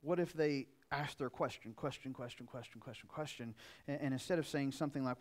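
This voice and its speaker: Middle-aged male preacher, slightly raised pitch, earnest, dynamic sermon delivery. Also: fairly quick. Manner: earnest, repeats phrases, swings between loud emphasis and quiet. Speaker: pastor.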